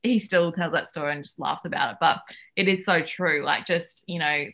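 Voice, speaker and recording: Woman, 30s, slightly low voice, chatty, lots of fillers, podcast guest. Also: normal speed. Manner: chatty, lively storytelling with many fillers. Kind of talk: casual chat.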